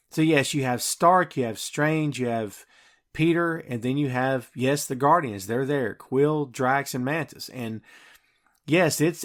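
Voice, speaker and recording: A man hosting a podcast and recapping a film scene by scene in casual, enthusiastic chat full of fillers. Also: on the high side. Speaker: podcast host.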